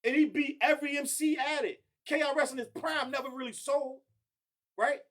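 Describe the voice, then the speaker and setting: A man hosting a hip hop debate podcast, talking quickly and building his case with long lists of names. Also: very high-pitched, steady tone, a bit bright. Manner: talks fast and builds his argument with many names.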